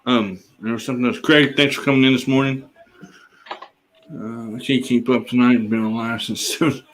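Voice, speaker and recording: A man's voice: mid-range voice, steady tone, moderate pace, slight background noise, rough recording. A man in his forties, a fellow streamer, chatting casually in a rambling, folksy way. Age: 40s. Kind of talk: casual chat.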